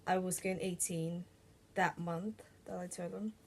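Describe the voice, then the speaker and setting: A young woman telling a personal story to camera in a casual vlog, halting and full of "like" and restarts. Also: fairly low pitch, flat delivery, slightly rough. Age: young adult. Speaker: vlogger.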